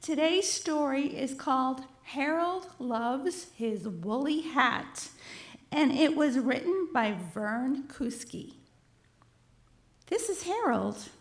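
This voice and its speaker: A woman reading a children's story aloud at a church service, expressive and addressing her listeners. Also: high-pitched, slow. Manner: animated, expressive, talks to listeners. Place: church sanctuary.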